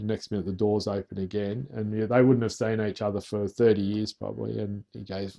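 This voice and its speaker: Australian farmer, dark, relaxed voice. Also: male voice, on the low side, brisk, gravelly, few pauses. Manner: rambling, with restarts and Aussie slang. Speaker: podcast guest, farmer. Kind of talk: casual storytelling chat. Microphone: sitting face to face with the host.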